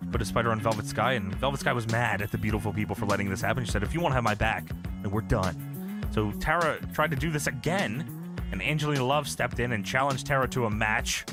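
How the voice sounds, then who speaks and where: A man's voice: medium pitch, fast, music in the background. A man co-hosting a casual livestream, recapping wrestling storylines and laughing often. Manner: laughs often, recounts scenes with quoted voices. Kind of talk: casual profane chat.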